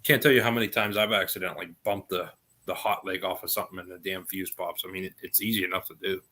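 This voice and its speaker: A blunt, joking man chatting on a live stream, his voice lowish but bright. He swears casually and talks shop. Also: fairly even intonation, quick pace. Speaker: co-host and tradesman.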